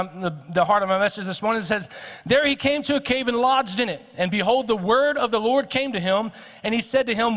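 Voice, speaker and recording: A man's voice: high voice, sharp tone, big-room sound. A male pastor with a Texan accent preaching a sermon to his congregation, talking conversationally, often restarting phrases and asking the room questions. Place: church sanctuary.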